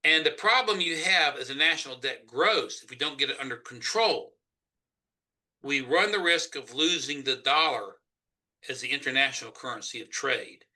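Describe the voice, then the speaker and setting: A man's voice: medium pitch, expressive, normal speed. A man with a Southern US accent, speaking emphatically as a Senate candidate in a political interview. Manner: emphatic, forceful argument.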